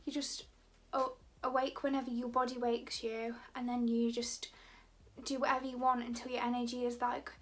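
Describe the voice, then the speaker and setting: Young woman, high voice, rambling chatty vlogger. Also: level tone, moderate pace. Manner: rambling, chatty, many "like" fillers. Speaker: beauty vlogger. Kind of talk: casual chat to camera.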